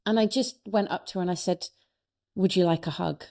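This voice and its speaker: A middle-aged woman with a fairly low voice tells a personal story on a podcast. She talks with earnest warmth and often restarts her sentences. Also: fairly quick, creaky. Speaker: guest, speaker and coach. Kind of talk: reflective storytelling in a podcast interview.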